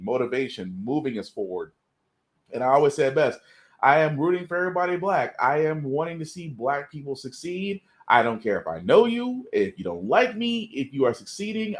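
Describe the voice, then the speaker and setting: A man hosting a live podcast, talking in an earnest, emphatic way and repeating his points. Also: fairly high pitch. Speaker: podcast host. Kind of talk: casual live podcast commentary.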